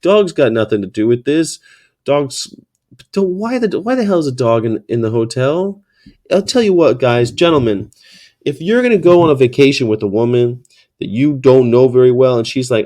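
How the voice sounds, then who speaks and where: A man's voice: mid-range voice, animated, moderate pace, darkish tone. A man telling a comedic story in a rambling, profane way, with frequent restarts.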